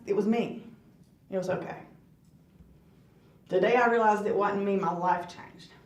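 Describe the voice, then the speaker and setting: Earnest woman giving testimony in a church. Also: medium pitch. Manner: earnest, conversational, asks the audience questions. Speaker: guest speaker. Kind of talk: personal testimony talk. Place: church hall. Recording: roomy church hall.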